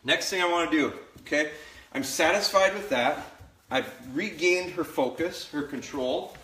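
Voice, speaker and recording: A man's voice: a little high, unhurried, bright, forceful tone. A man working as a dog trainer, talking candidly to viewers during a live training demonstration in his home kitchen. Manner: candid, coaching viewers directly. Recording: echoey kitchen, faint noise.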